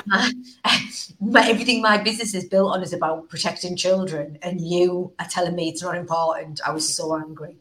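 A woman from the north of England hosting a casual podcast chat, telling stories with animated, exasperated asides. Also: fairly low pitch, brisk. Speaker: podcast host.

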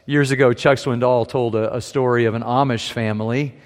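A man's voice: mid-range voice, fairly even intonation, fairly quick. A pastor preaching a sermon, telling stories with humor and shifting his pace and volume. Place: church sanctuary. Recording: long reverb of a large sanctuary.

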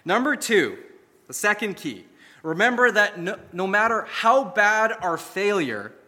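A man's voice: a little high, sharp tone, big-room sound. A man preaching a sermon, earnest and emphatic, who tells stories with vivid energy. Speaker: pastor.

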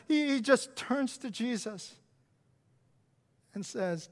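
High-voiced preacher in a reverberant hall. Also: male voice, normal speed. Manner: dramatic swings from loud emphasis to hushed whispers; repetitive emphatic phrasing. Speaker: pastor. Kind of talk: sermon. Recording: long reverb of a large hall.

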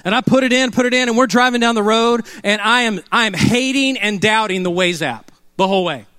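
Middle-aged pastor, man, high voice, dry close sound, chatty storytelling sermon with humor. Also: brisk, pushed and bright, smooth, no room sound. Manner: conversational, humorous storytelling with call-and-response.

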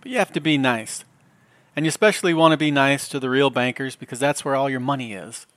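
A middle-aged man hosting a podcast, telling comic stories in a wry, deadpan way. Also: mid-range voice, quick pace, no room sound. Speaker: podcast host. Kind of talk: comedic storytelling monologue.

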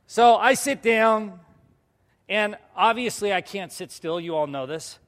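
High-voiced man preaching in a reverberant hall. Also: a little slow. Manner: animated storyteller, swinging between loud bursts and hushed asides. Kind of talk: sermon testimony to a congregation.

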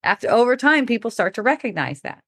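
A woman's voice: a little high, very animated, quick pace, breathy edge, no echo, clean studio sound. A middle-aged woman telling a personal story in casual talk, laughing often and acting out what people said. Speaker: podcast speaker.

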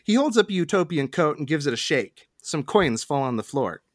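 A podcast host reading parody synopses in deadpan narration, often laughing. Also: medium pitch, a little fast, no echo, studio quality.

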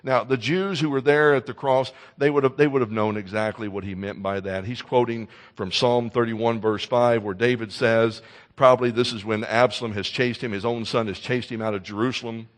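A man preaching a sermon with an earnest, teaching tone. His voice sits at an ordinary middle pitch, and he moves from loud emphasis down to near-hushed tenderness. He often stumbles into repeated words as he gathers a thought. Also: steady tone, normal speed, big-room sound. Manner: earnest, swings from loud emphasis to soft intensity; repeats words when starting sentences. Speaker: pastor.

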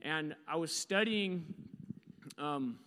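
Animated man preaching in a reverberant hall. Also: a little high, takes it slowly. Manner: animated storyteller, acts out his own panicked shouts. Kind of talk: storytelling sermon.

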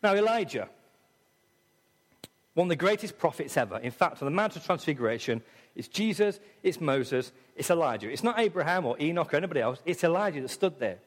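Preacher with an English accent in a reverberant church. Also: male voice, fairly high pitch, animated, a little fast. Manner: dramatic, acts out voices in quotes, swings loud and soft. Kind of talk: sermon. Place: church hall.

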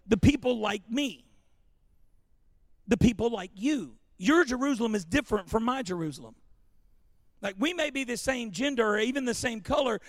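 A man preaching a sermon as pastor, joking and animated, calling for congregation responses. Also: extremely high pitch, no room sound, clean studio sound. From Louisiana.

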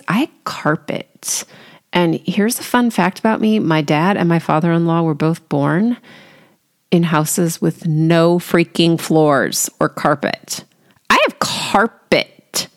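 Gravelly-voiced woman podcast host, chatty. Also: deep voice. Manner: chatty and candid, wry, self-deprecating. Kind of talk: casual solo podcast talk.

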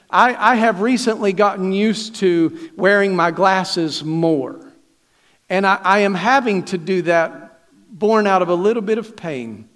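A man's voice: high voice, in a large hall. A man pastor preaching a sermon in a conversational, folksy way, with restarts and questions to the congregation. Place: church sanctuary.

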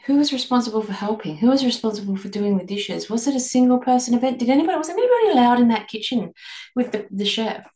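A woman hosting a reflective podcast, leading listeners through a string of gentle questions. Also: fairly high pitch, animated, fast talker. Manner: asks many guiding questions, gentle restarts. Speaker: podcast host and eating coach. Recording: echoey room.

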